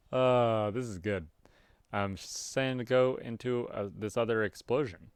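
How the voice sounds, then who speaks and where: A man reading a webcomic aloud and chatting about it casually, with sudden loud, animated outbursts. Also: mid-range voice, smooth, dry recording, clean studio sound. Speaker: webcomic reader. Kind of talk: casual read-aloud with commentary.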